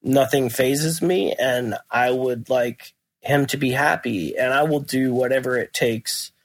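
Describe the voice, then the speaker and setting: A man's voice: mid-range voice, measured pace, dry recording. A man, a guest musician, rambling through anecdotes in a casual interview, laughing and swearing as he goes. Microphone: remote call.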